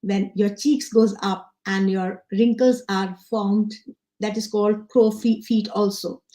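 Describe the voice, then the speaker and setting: A woman's voice: mid-range voice, fairly even intonation, unhurried, mellow. A woman from India giving an earnest live online talk to teachers as a guest trainer, repeating her key lines. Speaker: education trainer, guest speaker.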